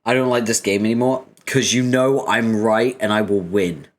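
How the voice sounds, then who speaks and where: A man's voice: lowish voice, moderate pace. Teasing, swearing British man. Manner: teasing, profane, banter with chat. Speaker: webcomic reader and streamer. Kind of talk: casual chat.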